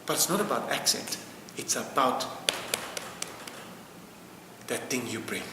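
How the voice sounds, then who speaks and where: A man's voice: medium pitch, a little slow, noisy background. Passionate man in echoey hall. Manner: passionate, emphatic, repeats phrases for effect. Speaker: interviewee. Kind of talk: impassioned interview answer. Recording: roomy hall with long reverb, faint music.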